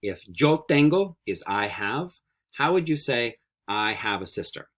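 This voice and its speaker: A man teaching a recorded beginner Spanish lesson, repeating each word slowly three times for students to echo back. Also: lowish voice. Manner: slow repetition drills, animated.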